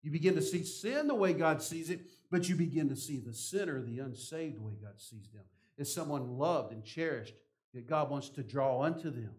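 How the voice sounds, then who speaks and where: An older man preaching a sermon, a pastor whose delivery swings from loud emphasis to quiet, intense passages. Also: fairly high pitch, expressive, normal speed.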